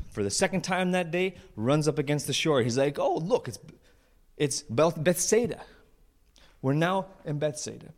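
Animated male pastor telling a story. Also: on the high side. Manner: acts out characters' lines in quick voices, playful asides to the congregation. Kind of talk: lively storytelling sermon. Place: church.

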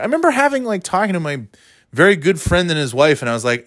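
A man's voice: a little high, very animated, fast talker, a bit bright, no echo, studio quality. A man ranting casually as a podcast host, rambling and sarcastic, swearing a lot. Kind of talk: casual profane rant.

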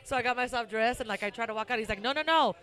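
A woman's voice: a little high, steady tone, racing, fairly bright tone. A woman hosting a podcast in casual chat, telling stories animatedly, acting out both sides and swearing freely. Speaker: podcast host.

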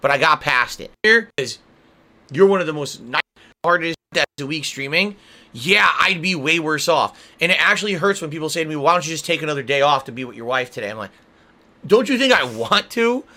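A man's voice: fairly high pitch, a little fast, sharp tone. A man hosting a casual stream podcast, ranting and swearing at his audience. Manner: profane, ranting. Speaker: streamer host. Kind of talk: casual livestream podcast chat.

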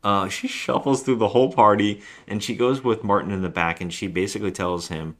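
A man's voice: fairly low pitch, fairly even intonation, fairly quick, few pauses, fairly bright tone. A man co-hosting a casual movie review chat, retelling the plot at length and acting out the characters' lines. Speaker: podcast co-host.

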